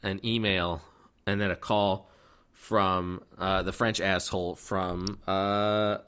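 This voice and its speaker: Low-voiced man rambling through a movie recap. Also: flat delivery, takes it slowly, fairly bright tone, clean tone. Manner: rambling, many fillers and restarts, acts out characters' lines. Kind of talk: casual movie recap chat.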